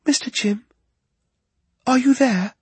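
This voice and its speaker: A man's voice: extremely high pitch, slow pace, a little mellow, slightly rough, dry recording, voice pushed up, exaggerated voice. A man voicing a frightened little girl who pleads for help over the phone in an audiobook, with an anxious, polite manner. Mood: pleading. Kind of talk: audiobook character voice.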